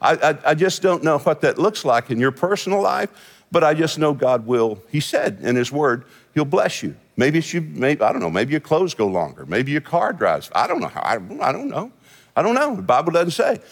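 A man's voice: on the high side, big pitch swings, moderate pace. A middle-aged man, a senior pastor, preaching a conversational sermon in a church, folksy and storytelling, laughing often. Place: church sanctuary. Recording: long hall reverb.

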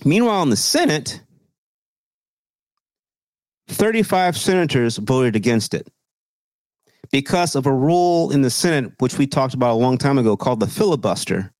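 Male podcast co-host, mid-pitched, sarcastic and profane, dry close sound. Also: sing-song, normal speed, pauses often, darkish tone, no echo. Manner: profane, sarcastic, mocking quoted voices. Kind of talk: casual political chat.

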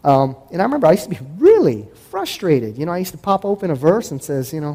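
A man giving a conversational talk to an audience as a host and Christian apologetics speaker, acting out past dialogues in quick voices. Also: a little high, big pitch swings, mellow. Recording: echoey hall with long reverb.

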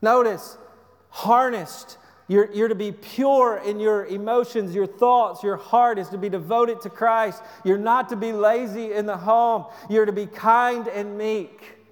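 A man preaching a sermon as a pastor, earnest, repeating words and dropping to a soft low voice for emphasis. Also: steady tone, unhurried, long reverb tail.

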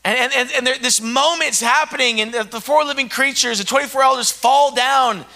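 A man preaching a sermon with passion, swinging from hushed, intimate lines to loud shouting. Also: extremely high pitch, a little fast, vocal fry.

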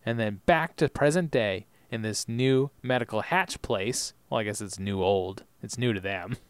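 Smooth-voiced man recapping a TV episode. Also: on the low side, moderate pace, dry recording. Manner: animated retelling, reading out scenes and quotes. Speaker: podcast co-host. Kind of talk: casual chat recapping TV episodes.

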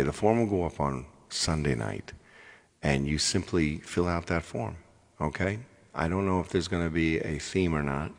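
A man's voice: a bass voice, gravelly, big-room sound. A middle-aged man hosting his own live music show, talking casually and repetitively straight to his viewers. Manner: rambling, repeats himself, addresses folks directly. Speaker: live-stream music show host and singer.

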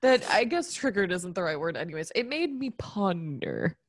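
A woman's voice: fairly low pitch, very animated, moderate pace, no echo, studio quality. A woman co-hosting a casual chat, tipsy and rambling off on giggly tangents. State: tipsy from tequila. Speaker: podcast co-host.

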